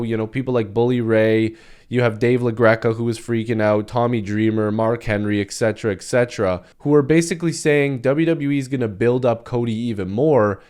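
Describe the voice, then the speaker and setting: A man's voice: mid-range voice, a little mellow, clear, resonant tone. A man hosting his own channel, giving a passionate, emphatic opinion monologue in casual talk. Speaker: wrestling commentary channel host.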